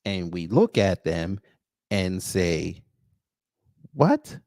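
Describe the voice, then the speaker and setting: A man's voice: medium pitch, big pitch swings, a little slow, a little mellow, no echo, clean studio sound. Sarcastic man hosting a livestream. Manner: sarcastic, greets chat viewers by name. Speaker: livestream host. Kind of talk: commentary livestream.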